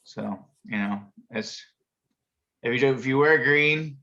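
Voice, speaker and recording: A man's voice: medium pitch, slow pace, sharp tone. Rambling man telling jokes on a video call. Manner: chuckling, rambling joke-teller. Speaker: show host. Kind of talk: casual chat, reading jokes. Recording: muffled video call audio.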